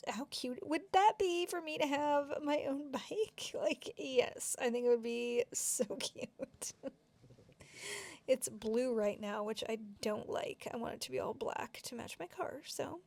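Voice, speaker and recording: A woman's voice: on the high side, gravelly, a little mellow, no echo. A young woman chatting casually through a nail tutorial, giggly and rambling with lots of fillers. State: a bit out of breath.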